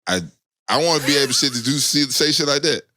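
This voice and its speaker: Bright-voiced laughing man, slangy banter. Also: mid-range voice, quick pace, no room sound, studio quality. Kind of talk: casual chat.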